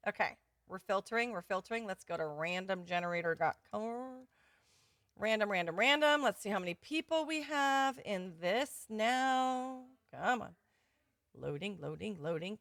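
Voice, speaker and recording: Her medium-pitched voice is a bit bright, recorded at studio quality with no room sound. She hosts a course livestream with a live giveaway, chatting casually and effusively with her students and laughing often.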